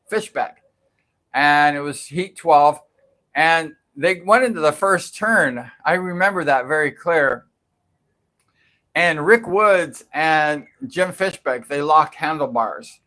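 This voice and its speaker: Middle-aged guy rambling through a story on a livestream, kinda high voice, takes his time. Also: a bit bright. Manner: unhurried, rambling, repeats himself, fillers. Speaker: livestream host telling a racing story. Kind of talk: casual storytelling.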